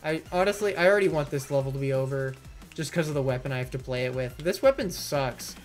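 A man talking through a video game in a loose, sarcastic rant that picks apart everything he plays. His voice sits at an ordinary middle pitch. Game music plays faintly behind him. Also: fast talker. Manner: sarcastic, ranting, critical. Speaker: gaming YouTuber. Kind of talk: let's-play commentary.

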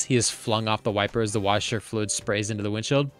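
A man's voice: lowish voice, fairly even intonation, quick pace, few pauses, soft background music. A man reading a movie script's stage directions aloud for comedy, now and then tripping over words.

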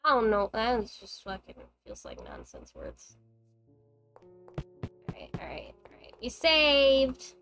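A high-voiced young woman streams a horror game at an unhurried pace, muttering her thoughts and cursing casually. Faint game music plays quietly behind her. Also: wildly swooping pitch, low-quality recording. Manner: swears freely, thinks aloud. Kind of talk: casual gameplay commentary.

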